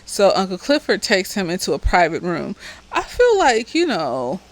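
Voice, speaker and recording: A woman's voice: medium pitch, huge pitch swings, normal speed, poor audio. A woman therapist, slightly tipsy, giving a casual, blunt and profane recap of a TV episode with chatty asides.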